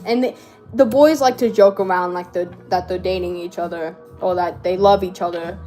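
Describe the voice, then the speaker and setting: A woman's voice: fairly low pitch, steady tone, brisk, warm tone, faint music behind. A teenage girl telling a rambling, slangy story while crafting, with lots of fillers and laughs. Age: teens. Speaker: vlogger.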